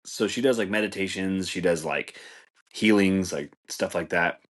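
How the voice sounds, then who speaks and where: A man with a low, deep voice, talking loosely and at length as a podcast host. He rambles in a laid-back way, leans on filler words, and chuckles at his own remarks. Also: normal speed, a bit bright. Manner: rambling, laid-back, says "dude" and "like" a lot, laughs at his own jokes. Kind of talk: casual comedic monologue.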